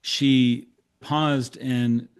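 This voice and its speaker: His medium-pitched voice is clean in tone, with drawn-out words. The speaker, a middle-aged therapist, relates a case story in a talk, animatedly acting out the dialogue while using self-deprecating humor.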